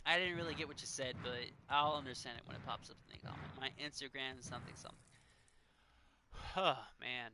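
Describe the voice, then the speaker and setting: A man's voice: medium pitch, racing, hardly any pauses, pushed and bright, a little hiss or hum. A man in his thirties, a game streamer talking earnestly and emotionally, choked up and sighing often. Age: 30s. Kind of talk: casual chat while gaming.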